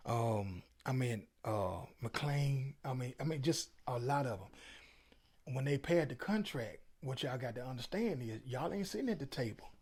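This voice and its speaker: A middle-aged man talks as an interview guest, his voice gravelly and husky. He tells stories in an emphatic, preachy way, pressing his points home. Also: mid-range voice, lively intonation, unhurried, darkish tone. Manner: preachy, emphatic, Southern Black vernacular. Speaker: featured guest. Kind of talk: casual storytelling interview.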